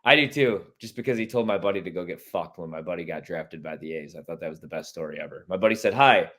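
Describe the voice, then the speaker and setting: A man's voice: sits low, fast, fairly bright tone. A man from Chicago hosting a sports podcast, giving blunt, profane, opinionated takes in casual chat.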